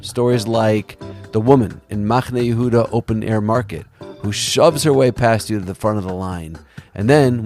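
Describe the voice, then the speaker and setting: A man's voice: medium pitch, a little mellow. A man hosting a podcast, narrating a story in a reflective, storytelling manner and interviewing guests.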